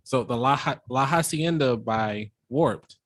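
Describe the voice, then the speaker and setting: A man in his thirties chatting easily on a casual podcast, with offhand swearing. His voice is at a plain middle pitch. The sound is close and dry. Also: measured pace, fairly bright tone, no echo. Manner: laid-back, conversational, casual swearing. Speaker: podcast co-host. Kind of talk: casual chat.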